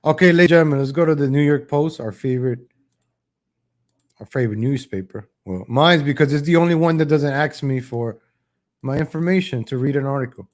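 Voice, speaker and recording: A man hosting a political livestream who talks in a rambling, sarcastic way, with frequent restarts. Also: fairly quick. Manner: mocking mimicry of politicians in a higher voice; says "ladies and gentlemen" often. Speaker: host of a political commentary show. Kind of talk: livestream commentary.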